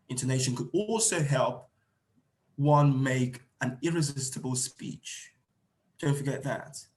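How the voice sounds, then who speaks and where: A man giving an emphatic online seminar lecture to teachers, repeating key phrases and acting out example lines. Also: on the high side. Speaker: teacher trainer. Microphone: video call.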